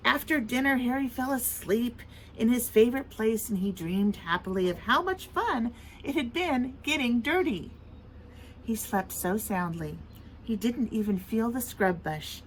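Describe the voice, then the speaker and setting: A woman teacher reads a picture book aloud to small children, her voice pitched a little high and her storytelling expressive and sing-song. She is outdoors near a road in the rain, and the noise of passing trucks is clearly heard behind her. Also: poor audio. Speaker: preschool teacher.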